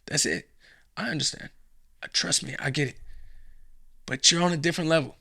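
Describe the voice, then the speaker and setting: A man's voice: on the high side, fairly quick, gravelly, sharp tone, husky, no room sound, clean studio sound. A man hosting a reaction show, giving blunt, profane commentary on a video clip.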